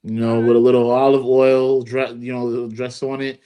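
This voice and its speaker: A man's voice: mid-range voice, flat delivery, fairly quick, mellow, clear, resonant tone. A man co-hosting a podcast in loose, joking casual chat, often tagging his lines with "you feel me". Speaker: podcast co-host.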